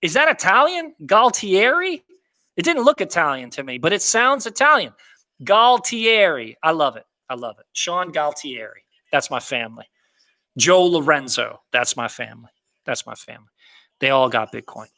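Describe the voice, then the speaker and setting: Hyped-up guy doing a casual stream, bragging and slangy, pretty high, bright sharp voice. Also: very animated, moderate pace. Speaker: livestream host reading viewer comments. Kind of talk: casual livestream chat.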